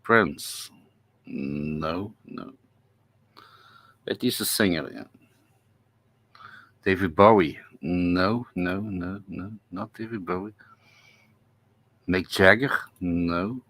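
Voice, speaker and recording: A man hosting a casual live stream from home, talking haltingly with lots of repeated words and chuckles. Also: sits low, fairly bright tone.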